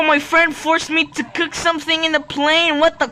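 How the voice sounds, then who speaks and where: A gameplay streamer in casual commentary who gets excitable, shouting urgent commands and reading game text aloud. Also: high voice, normal speed, poor audio.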